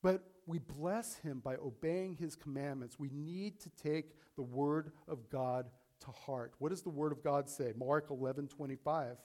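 A man preaching a sermon as pastor, acting out pleas to God with rising intensity and slowing down to stress key points. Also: on the high side, a little mellow.

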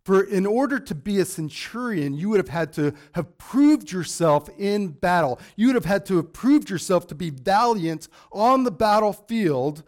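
Man, pastor, high voice, conversational sermon, fillers and asides, voice cutting in and out. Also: expressive, moderate pace, hardly any pauses, a little mellow. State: voice going in and out.

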